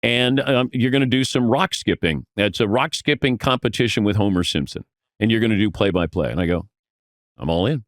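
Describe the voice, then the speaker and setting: A man's voice: fairly low pitch, a little fast, dry recording, studio quality. A man in his sixties, a sports broadcaster guest on a podcast, telling stories casually and acting out the people he quotes. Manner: storytelling, acts out quoted voices, self-deprecating.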